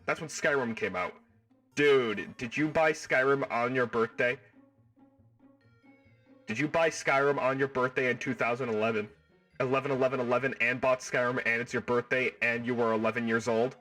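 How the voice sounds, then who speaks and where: A man hosting a livestream, chatting casually with his viewers in an excitable, rambling way and riffing on the same joke over and over, his voice stuffed up and hoarse. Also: medium pitch, brisk, distant mic, faint music behind. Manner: excitable, rambling, riffs and repeats himself. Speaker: livestream host. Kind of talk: casual chat with live viewers.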